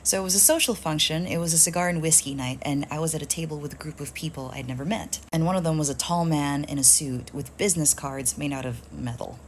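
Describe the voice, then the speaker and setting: A woman's voice: low voice, fast, hardly any pauses, a little hiss or hum. A woman in her forties, a voiceover artist, telling a personal story with wry humor.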